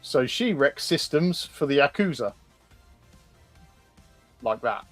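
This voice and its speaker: A man's voice: medium pitch, expressive, takes it slowly, dry recording, faint music behind. A man co-hosting a livestream, casually explaining characters with frequent ums and restarts. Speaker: co-host presenting concept art.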